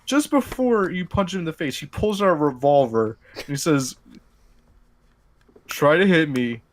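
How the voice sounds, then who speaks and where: A man's voice: a little high, moderate pace. Man animatedly retelling a tabletop session. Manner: rambling, animated, lots of filler and restarts. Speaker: game master. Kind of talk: casual storytelling of a game session.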